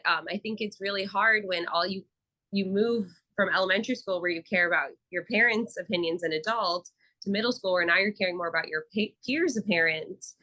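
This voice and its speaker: A young adult woman, a therapist, talking casually as an interview guest and acting out quotes in animated stories. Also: on the low side, rough recording. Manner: animated storytelling with acted quotes.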